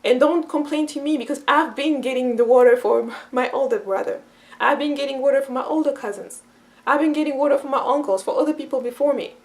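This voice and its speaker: A high-pitched woman talks through a relaxed explanatory monologue as a cultural teacher. She circles back on her words, restarting phrases as she thinks. She brings quoted speakers to life with animated shifts in her voice. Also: fast talker. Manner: repeats and restarts phrases while thinking aloud.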